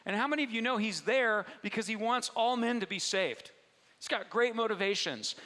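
A man preaching to a congregation in a church hall, his voice high-pitched and forceful. He keeps it conversational, pausing to ask the room questions, and a long reverb trails behind each phrase. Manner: conversational, asks the audience questions. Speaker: pastor. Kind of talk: preaching sermon.

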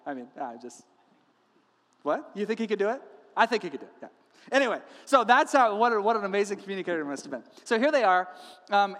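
A man with a high-pitched voice preaches to his congregation, and his words ring out with a long echo in the church hall. He tells the story with playful humor and acts out the characters' lines. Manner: animated storytelling, acting out quotes with humor. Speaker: pastor. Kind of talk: sermon. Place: church sanctuary.

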